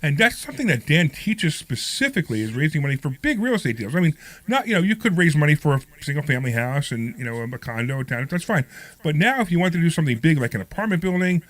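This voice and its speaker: A man's voice: a little high, big pitch swings, fast. A man hosting a radio talk show, with a nasal voice and a cough from a cold, joking and rambling in a casual chat. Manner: joking, rambling, self-mocking. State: getting over a cold, coughing. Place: radio studio.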